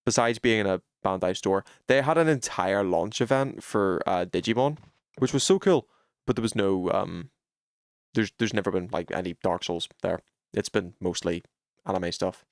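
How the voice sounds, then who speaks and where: A British man livestreams a game and talks it through in loose, chatty commentary. His voice sits on the lower side, and he swears freely. He breaks into sudden excited outbursts. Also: normal speed, no room sound, clean studio sound. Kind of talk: casual gameplay livestream commentary.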